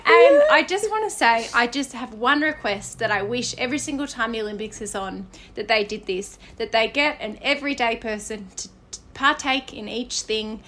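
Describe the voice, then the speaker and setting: A woman's voice: fairly high pitch, lively intonation, moderate pace, a bit bright, slight background noise. A woman co-hosting a chat podcast, playful and teasing and laughing often. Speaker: podcast co-host. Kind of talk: casual chat.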